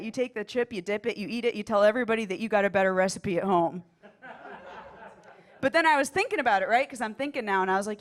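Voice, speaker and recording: A woman's voice: mid-range voice, quick pace. A stand-up comedian on a club stage, talking in a rambling, self-deprecating way and laughing at her own jokes. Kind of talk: stand-up set.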